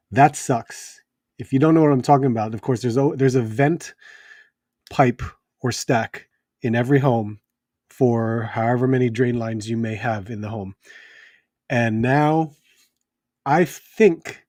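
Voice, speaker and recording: A man's voice: medium pitch, mellow, no echo, studio quality. A man, a homeowner in his thirties hosting a toy live stream, ranting in a rambling, exasperated way, with restarts and fillers. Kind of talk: casual live stream rant. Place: home.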